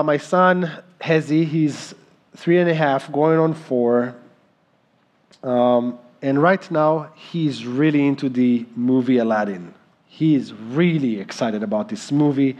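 Male pastor, 30s, slow earnest sermon, slightly high voice. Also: a little mellow. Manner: slow, earnest, emphatic preaching.

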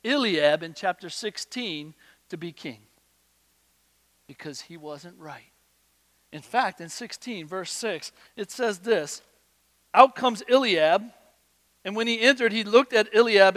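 A pastor preaching in a bright, forceful voice that carries a long hall reverb. He swings between loud emphatic bursts and quiet, low asides. His voice sits high for a man. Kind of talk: sermon.

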